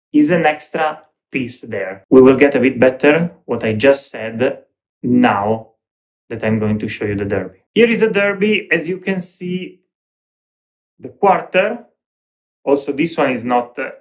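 A young man, an English speaker, explaining menswear to camera in lively, emphatic short phrases. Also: medium pitch. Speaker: menswear video host.

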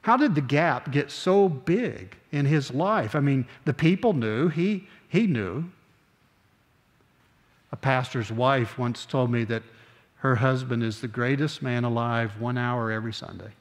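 Older pastor preaching in a reverberant sanctuary. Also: male voice, mid-range voice. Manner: earnest, slows down on key phrases, conversational asides. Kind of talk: sermon. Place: church sanctuary.

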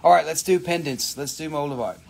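A man's voice: a little high, brisk, gravelly, breathy edge. A man hosting a live crystal sale, chatting casually with viewers, swearing freely and answering their questions. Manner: loose, profane, reads out viewer questions. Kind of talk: casual live-stream sales chat.

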